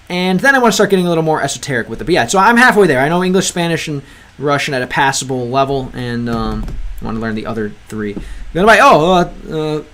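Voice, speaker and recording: Halting streamer man, slightly high voice. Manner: halting, fills gaps with many ums and uhs; slips between English and learner Russian. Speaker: livestream host reading chat. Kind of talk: casual livestream chat.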